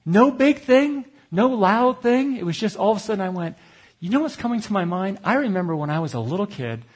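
Husky-voiced pastor telling a personal story. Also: male voice, high voice, animated, quick pace. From Connecticut, USA. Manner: personal, confessional storytelling with quoted dialogue. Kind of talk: sermon storytelling.

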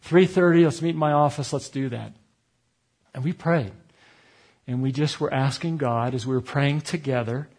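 A man's voice: medium pitch, animated, normal speed, darkish tone, husky. A middle-aged man from Connecticut preaching a sermon, telling a personal, confessional story with quoted dialogue. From Connecticut, USA. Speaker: pastor.

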